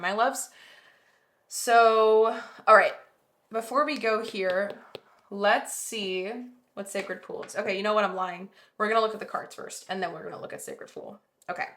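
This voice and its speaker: A woman's voice: medium pitch, fairly bright tone, echoey room. A woman giving a pick-a-card tarot reading, earnest and reassuring as she talks straight to the viewer, a bit sleepy. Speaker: tarot reader.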